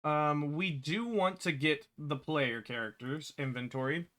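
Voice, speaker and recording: A man developing a game, thinking aloud in a halting way, correcting himself as he works and muttering to himself. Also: a little high, fairly bright tone. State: hiccuping. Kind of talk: thinking aloud while working.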